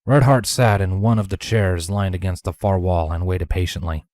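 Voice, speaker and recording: Deep-voiced man reading a story. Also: steady tone, no room sound. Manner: measured first-person narration, dropping to hushed whispers for dialogue. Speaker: narrator. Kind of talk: fanfiction audiobook reading.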